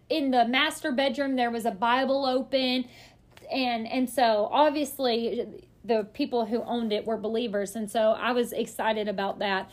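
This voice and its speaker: Woman in her 30s, high voice, chatty story, jumps into other people's lines as she tells it. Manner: lively, quick to act out other people's lines. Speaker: podcast guest. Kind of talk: storytelling in casual chat.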